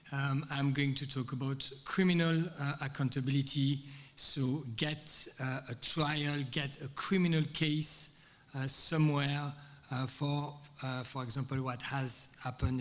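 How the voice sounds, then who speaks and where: A man with a strong French accent giving a conference talk, halting with many ums and uhs and pressing hard on his key points. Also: medium pitch, in a large hall. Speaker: conference speaker. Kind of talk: hesitant prepared talk.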